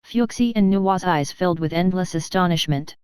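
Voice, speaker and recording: A woman narrating a fantasy audiobook in a steady, even reading. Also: lowish voice, a little fast, clean tone, no room sound. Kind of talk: scripted narration.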